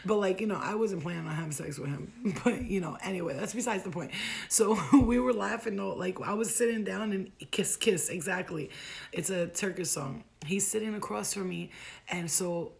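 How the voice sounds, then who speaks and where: Woman, young adult, from the US, gravelly edge, storytime vlog, animated and profane. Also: medium pitch, normal speed. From United States.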